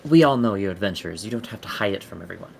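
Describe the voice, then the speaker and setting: A friendly tavern keeper woman rambles on helpfully, her voice sitting low, as a man puts her on. She talks in a loose, chatty way, with a faint hiss behind her. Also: expressive, racing, creaky.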